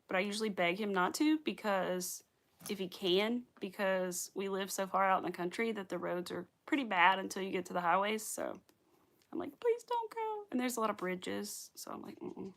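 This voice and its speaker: A young woman with a light Southern accent, from the Southern US, chats casually with live viewers while hosting a crochet stream. Her medium-pitched voice is gravelly and a bit bright, with fairly even intonation and normal speed; she rambles and laughs frequently.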